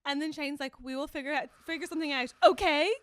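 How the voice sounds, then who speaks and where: Animated woman podcast co-host, dry sound. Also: high-pitched, rapid-fire, no room sound. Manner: animated, swings between loud excitement and soft mock-tender quoting. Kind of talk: casual chat recapping a TV show.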